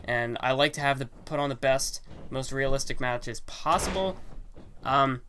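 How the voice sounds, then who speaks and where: Against a noisy background and game music, a young gaming channel host talks through a wrestling video game. His voice sits mid-range at a moderate pace, and his casual rambling is loaded with fillers and self-corrections.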